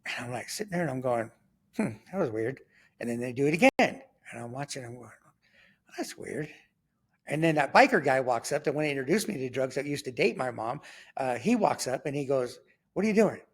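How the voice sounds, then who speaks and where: A man's voice: mid-range voice, lively intonation, quick pace, breathy edge. A middle-aged man telling his life story as a testimony, acting out dialogue with many fillers and restarts.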